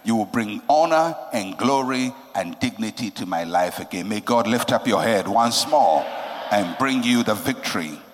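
A man preaching a sermon with passion, swinging between soaring, emphatic lines and hushed, low ones. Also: expressive, moderate pace, slight background noise. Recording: long reverb of a large hall.

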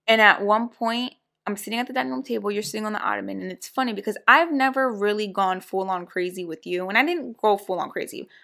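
A woman's voice: mid-range voice, fast, gravelly, few pauses. A young woman telling a story in casual chat, acting out what people said. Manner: animated, acts out quoted voices. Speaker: podcast co-host.

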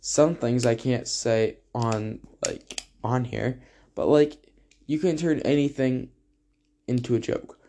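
A teenage boy talks in a loose, casual ramble, cracking jokes as he goes. He fills gaps with ums and wanders into side comments, and his voice sits at an ordinary middle pitch. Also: fairly even intonation, slow, warm tone, a little hiss or hum. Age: teens. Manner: rambling, joking, lots of fillers and asides. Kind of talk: casual spoken tribute to a friend.

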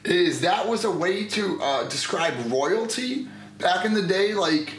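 A man co-hosting a casual chat, animated and quick to laugh, hedging as he explains. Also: high-pitched, echoey room, slight background noise. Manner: animated, laughs easily, hedges a lot. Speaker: podcast co-host. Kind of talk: casual chat about Spanish language.

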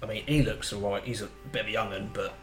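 A man's voice: fairly low pitch, steady tone, fast, echoey room, over music. A man, chatting casually in character at a tabletop game, mumbling and laid-back. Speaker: player voicing Otto.

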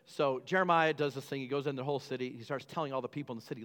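A man preaching a sermon to his church, telling a story with lively asides and questions aimed at the congregation. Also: medium pitch, fast, few pauses, clean tone, in a large hall. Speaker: pastor.

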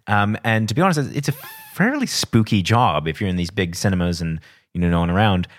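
Deep-voiced guy rambling through a movie review, lots of likes and ums. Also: brisk. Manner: animated storyteller, hedging with fillers. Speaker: podcast co-host. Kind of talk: casual chat, movie review discussion. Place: former cinema worker.

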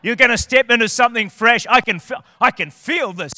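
A man preaches with fervor, his high voice sharp and intense. He drives his points home and rises to loud declarations. His voice rings with a long reverb through the hall. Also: brisk, clean studio sound. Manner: impassioned, rising to shouted declarations. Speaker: guest preacher. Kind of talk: sermon. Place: church auditorium.

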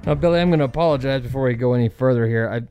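A man's voice: medium pitch, racing, warm tone, dull audio, soft background music. A man co-hosting a podcast in casual chat, rambling and laughing often, short on sleep. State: sleep-deprived. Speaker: podcast co-host.

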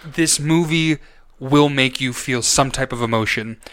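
A man's voice: medium pitch, measured pace, a bit bright, clear, resonant tone. A man co-hosting a podcast, giving a casual film review in a rambling way, full of restarts and self-corrections. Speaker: podcast co-host.

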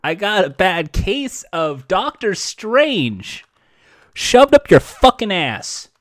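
A man's voice: sits high, big pitch swings, slow, fairly bright tone, no echo, clean studio sound. A young man co-hosting a casual podcast, launching into profane, mock-aggressive rants. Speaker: podcast co-host. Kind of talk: casual chat.

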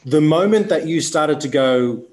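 A man's voice: fairly high pitch, lively intonation, a little mellow. Man coaching in a reflective tone. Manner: deliberate, reflective, emphatic. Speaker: podcast host, coach.

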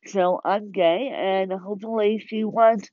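A woman talks unhurriedly in a rambling, chatty way, looping back and repeating herself. Her voice sits at a middling pitch and sounds dry and close. The audio is dull and slightly muffled. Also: steady tone, a little slow, no echo. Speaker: self-published author. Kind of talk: casual monologue vlog.

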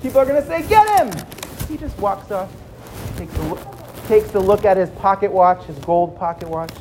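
A man telling a dramatic story to children, swinging between loud and hushed. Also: high voice, fairly quick, slight background noise.

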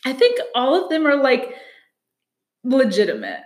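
A woman's voice: sits high, measured pace. Chatty woman recapping reality TV, echoey room. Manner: chatty, laughs often, quotes people in lively put-on voices. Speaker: podcast co-host. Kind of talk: casual chat recapping reality TV.

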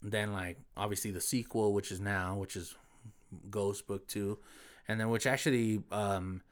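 A man's voice: on the low side, steady tone, unhurried. A man hosting a podcast in loose casual chat, laid-back, swearing freely and full of fillers. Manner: laid-back, heavy cursing, lots of fillers. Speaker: podcast host.

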